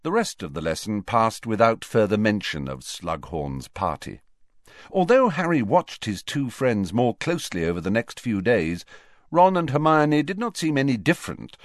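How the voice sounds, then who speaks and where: A man with a lowish voice reads a novel aloud, telling the story with lively, expressive rises and falls. He is recorded close to the mic in a dry, dead space with no echo. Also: moderate pace. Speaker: audiobook narrator. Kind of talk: audiobook narration.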